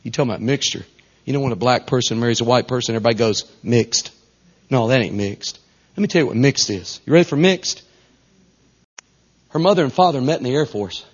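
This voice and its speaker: A man with a Southern US accent preaching a storytelling sermon, folksy and animated, dropping to a hush and then rising loud. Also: mid-range voice, brisk, long pauses, breathy edge. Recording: dull lo-fi recording.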